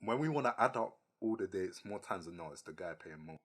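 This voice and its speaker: A man's voice: deep voice, animated, fairly quick, a bit bright, husky. A young man, hosting a casual podcast chat, laid-back, laughing often and repeating himself. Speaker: podcast host.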